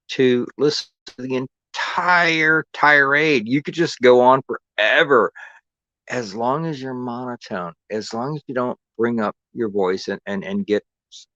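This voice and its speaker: A man's voice: mid-range voice, fairly bright tone, no room sound, dull audio. A man streaming a sarcastic, confrontational rant, repeating his points. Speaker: live streamer. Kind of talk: angry ranting monologue.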